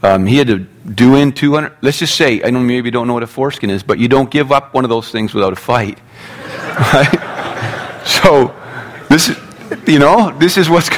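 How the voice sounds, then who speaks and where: A man preaching a sermon in a casual, animated storytelling way, acting out the characters' lines as he goes. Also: mid-range voice, normal speed, slight background noise. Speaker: pastor.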